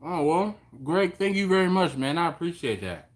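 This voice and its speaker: A man hosting a casual live stream, greeting viewers by name and reading their comments, easygoing and quick to chuckle, recorded on a phone at home. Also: fairly high pitch, big pitch swings. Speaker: host of a barbecue live stream. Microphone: phone on a mount.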